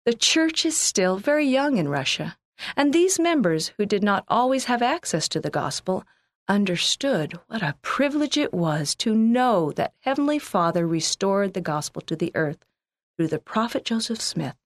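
A woman reading a first-person church magazine article aloud in a measured, earnest way. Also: mid-range voice, big pitch swings, no echo, clean studio sound. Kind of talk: scripted first-person narration.

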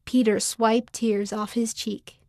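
Woman narrating a children's story, fairly high. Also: slow pace, no echo, clean studio sound. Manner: clear, expressive storytelling.

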